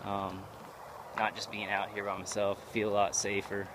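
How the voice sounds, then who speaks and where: A man vlogging while he walks outdoors at night, speaking in a rambling, halting way with many restarts into a handheld camera. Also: fairly low pitch, completely flat delivery, background noise. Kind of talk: casual walking vlog monologue.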